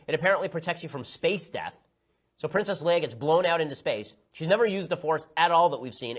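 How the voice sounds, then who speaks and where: A man giving a rapid, sarcastic, exasperated film review. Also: on the high side. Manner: sarcastic, exasperated, quick-firing rants. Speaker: political commentator.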